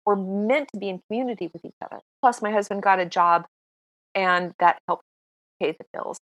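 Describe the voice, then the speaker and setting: Lively self-mocking woman in her 60s. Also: mid-range voice, moderate pace, dry recording. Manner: lively, self-mocking storyteller who acts out dialogue. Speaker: podcast guest. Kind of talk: casual interview storytelling.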